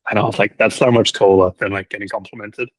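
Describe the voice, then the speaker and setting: A young man talks in a casual podcast chat, spinning a story with plenty of "like" fillers and easy laughter. His voice sits fairly low, and the recording is close and dry. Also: steady tone, fast, no room sound, rough recording. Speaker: cricket team videographer.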